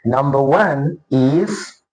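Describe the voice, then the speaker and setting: A man teaching English pronunciation, deliberate and repetitive, often checking in with his listeners. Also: medium pitch, expressive, background noise. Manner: deliberate, repeats words and checks in with "okay?". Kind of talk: classroom-style pronunciation lesson. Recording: roomy echo.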